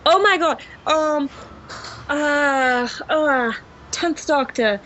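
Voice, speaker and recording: A woman's voice: sits high, drawn-out words, fairly bright tone, a little hiss or hum. A woman from Russia chatting as a podcast guest in a put-on English accent, gushing and giggly with lots of fillers. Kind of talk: casual podcast chat. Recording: muffled lo-fi recording.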